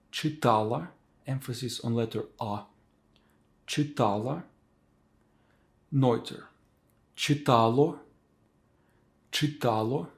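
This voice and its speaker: Slow, careful male teacher. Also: mid-range voice. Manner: slow, careful, repeats each word for learners. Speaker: language teacher. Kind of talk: slow spoken language lesson.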